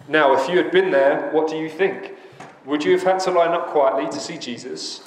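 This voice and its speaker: A man narrating a story to children in a gentle, questioning way. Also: on the high side, normal speed. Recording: echoey hall with faint noise.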